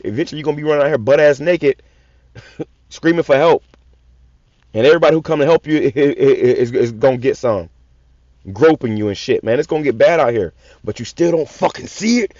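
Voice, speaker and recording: A man's voice: on the high side, a little mellow, dry recording. Give me a male preacher reading scripture and swearing, stuck repeating words, on a dull lo-fi recording. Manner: repeats words in stammering runs, swears heavily. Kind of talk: profane scripture teaching. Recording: dull lo-fi sound.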